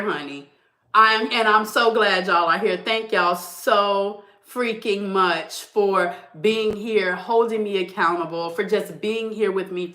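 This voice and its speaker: A woman in her thirties hosts her weekly live stream and talks straight to her viewers. Her voice is bright and forceful, with a preachy, motivational push, and she keeps calling them baby and y'all between laughs. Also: medium pitch. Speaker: content creator hosting a weekly live stream.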